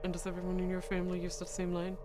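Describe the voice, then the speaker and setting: A woman's voice: fairly low pitch, completely flat delivery, over loud music, natural voice. A woman reading as a serious male investigator. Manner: measured, explanatory.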